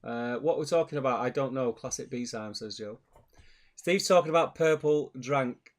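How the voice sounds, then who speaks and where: A man hosts a casual hobby stream, reading viewers' messages aloud. His voice sits at a middle pitch, and his delivery is relaxed and chatty, full of jokes. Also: moderate pace. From England. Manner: banter, reads out chat messages. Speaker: stream host reading chat. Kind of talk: casual chat.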